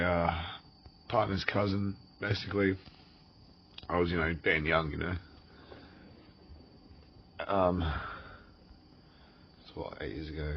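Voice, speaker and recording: Australian man, deep voice, rambling profane storytelling, dull lo-fi recording. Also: a little hiss or hum. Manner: rambling, profane, frequent fillers and restarts. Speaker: vlogger telling a personal story. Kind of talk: casual storytelling monologue.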